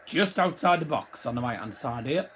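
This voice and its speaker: A man's voice: medium pitch, animated, normal speed, fairly bright tone, a little hiss or hum. A man hosting a football watchalong, commenting live on the match and chuckling at viewers' messages. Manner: chatty, laughing at fans' bets.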